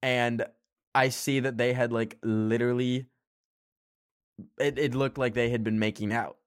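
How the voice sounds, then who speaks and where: A young man from Canada casually telling a personal story, animated, laughing often and swearing casually. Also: medium pitch, a little slow, smooth, dry recording, studio quality. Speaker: vlogger.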